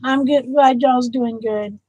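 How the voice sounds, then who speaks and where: A woman's voice: sits high, steady tone, takes it slowly, warm tone, no room sound, dull audio. A woman with a Southern US accent, tearful and emotional, chatting casually with viewers on a livestream. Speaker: livestream host. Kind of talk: casual live chat with viewers.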